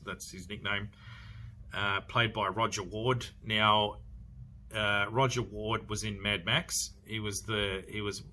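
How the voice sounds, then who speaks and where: A man's voice: lowish voice, sharp tone, slight background noise. A man with an Australian accent hosting a podcast, casually rambling through a film review with many fillers and restarts. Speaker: podcast host reviewing films.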